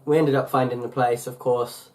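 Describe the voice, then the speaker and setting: A man's voice: medium pitch, little pitch movement, normal speed, a little mellow. A young man from England talking casually on his vlog, rambling with lots of fillers and restarts. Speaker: YouTuber.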